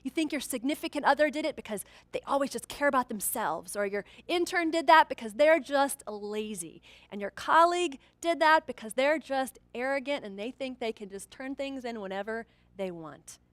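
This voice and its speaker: A woman delivers a training keynote with a lively, swooping delivery, jumping into the voices of the people in her story. Her voice sits high and sounds bright. It comes across dry and close, with no room sound. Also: normal speed, hardly any pauses, no echo. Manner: animated storyteller acting out quoted characters. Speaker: corporate trainer and keynote speaker.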